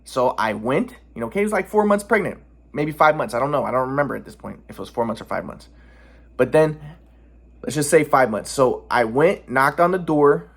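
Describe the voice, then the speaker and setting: A man's voice: medium pitch, animated, brisk, a bit bright, husky. A man telling a personal story casually, rambling with many restarts and defensive repetitions. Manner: agitated, defensive. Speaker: vlogger.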